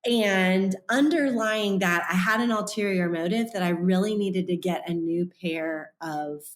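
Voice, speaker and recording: A woman in her thirties, an author and podcast guest, telling a personal story in a lively way and acting out the voices of the people in it. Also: on the low side, measured pace, echoey room. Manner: animated, acts out quoted voices.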